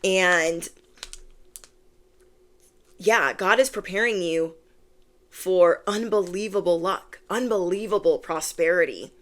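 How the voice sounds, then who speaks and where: A woman's voice: lowish voice, takes it slowly, pauses often. A young woman talking casually to her viewers during a spiritual tarot reading, rambling and filling her talk with asides and quoted lines. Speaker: tarot reader.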